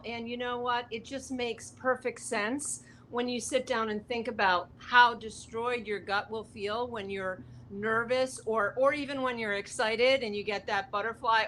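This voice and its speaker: A woman with a fairly high, bright and forceful voice talks as a show guest. She is passionate and heartfelt, building an earnest motivational message. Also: a little hiss or hum. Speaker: guest, wellness speaker.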